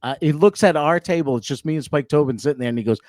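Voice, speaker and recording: A man co-hosting a podcast, telling an animated story about a gig in a casual chat. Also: on the high side, fast talker, no echo, studio quality. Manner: animated anecdote teller, quotes people in his stories. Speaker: podcast co-host.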